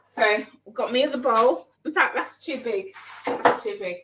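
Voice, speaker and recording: A woman's voice: a little high, lively intonation, normal speed, heavy background noise. A woman chatting casually in her home kitchen as she cooks, rambling and repeating phrases for emphasis. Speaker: vlogger. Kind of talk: casual chat while cooking.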